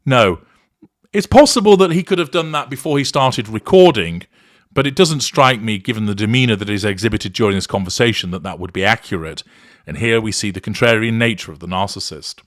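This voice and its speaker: A man hosting his show, giving measured, clinical commentary that analyses a recorded argument. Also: medium pitch, dry recording, studio quality.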